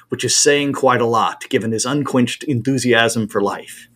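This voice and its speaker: A man reading a story aloud at a brisk, expressive pace. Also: medium pitch. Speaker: reader.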